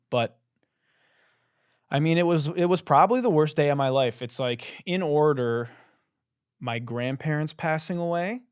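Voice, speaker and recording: Young man, podcast host, comedic rant, swooping lively pitch, dry close sound. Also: no echo. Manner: mock-dramatic, profane, boastful. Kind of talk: comedic monologue.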